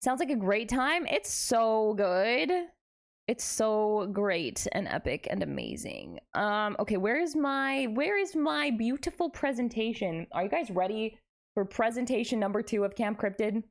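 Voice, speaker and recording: A young woman with a voice on the high side chats at a measured pace with her live-stream viewers. She's playful and animated, given to dramatic exclamations.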